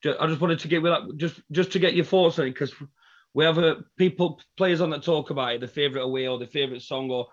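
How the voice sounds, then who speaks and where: Fast-talking podcast host. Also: male voice, on the high side. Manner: rambling, quick, restarts mid-sentence. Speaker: podcast host, football fan. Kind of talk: casual podcast chat. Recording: dull lo-fi audio.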